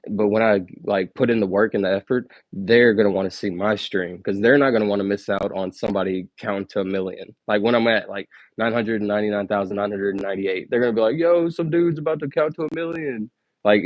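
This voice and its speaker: A young man live streaming, counting numbers quickly and chatting with viewers in a low-key, filler-heavy way. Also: darkish tone, no echo, low-quality recording. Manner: rapid, low-key counting broken by chatty asides with many "like"s. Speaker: livestreamer.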